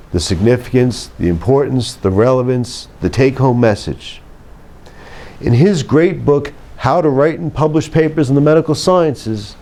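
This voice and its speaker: A man who teaches writing, delivering a scripted lecture in a measured, emphatic way and dropping his pitch to close each point. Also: warm tone. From United States. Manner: measured, emphatic, drops pitch at phrase ends. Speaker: writing instructor.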